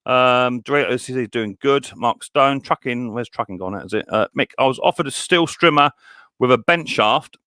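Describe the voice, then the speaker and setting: A mower repair shop owner hosts a live stream chat in a medium-pitched, pushed and bright voice at a moderate pace, with a clean tone and no room sound. Chatty and upbeat, he greets viewers one by one, calling each "mate," and answers their mower questions.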